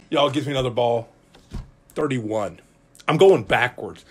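A male pastor teaching a Bible study, telling a story in an animated, self-mocking, conversational way. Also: mid-range voice, normal speed, pauses often, breathy edge. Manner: lively, conversational delivery to the group.

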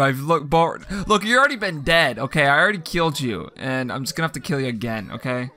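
Guy narrating his sims game, bright voice all over the place, laughing and yelping. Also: on the high side, very animated, brisk, few pauses. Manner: goofy, dark-humored, bursts into laughter and yelps. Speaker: gaming YouTuber. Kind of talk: let's play commentary.

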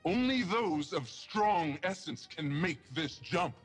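An actor playing a young, earnest alien guardian in a video game, speaking formally and with measured care. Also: male voice, high voice, lively intonation. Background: game music.

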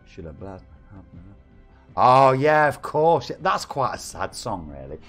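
Man in his forties, game streamer, chatty and jokey, lively up-and-down voice, faint music behind. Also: mid-range voice, takes it slowly. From England. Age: 40s. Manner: chatty, jokey, reads out viewer messages. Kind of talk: live-stream chat with viewers.

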